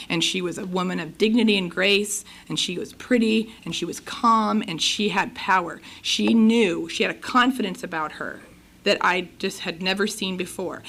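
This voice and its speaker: Middle-aged woman telling her recovery story. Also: mid-range voice. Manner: lively storytelling, acts out conversations. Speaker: recovery meeting speaker. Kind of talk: personal testimony talk. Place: recovery meeting room.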